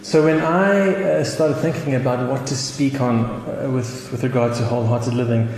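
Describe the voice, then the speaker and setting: A man's voice: medium pitch, moderate pace, a little mellow. A South African man preaching a sermon, telling a story with chuckles and many restarts. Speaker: pastor. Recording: echoey hall with faint noise.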